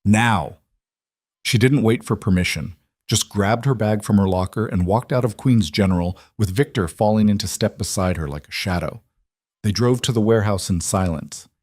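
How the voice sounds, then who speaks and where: A man narrating a dark crime story in a steady audiobook manner. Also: lowish voice, normal speed, no echo, studio quality.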